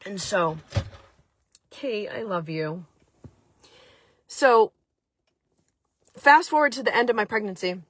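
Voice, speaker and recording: A woman's voice: medium pitch, no echo. A middle-aged woman with a Maine accent tells a personal story in a casual livestream chat, full of fillers and restarts, and talks now and then to viewers in the chat. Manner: chatty, emotional, many fillers and restarts. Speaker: host of a chat stream.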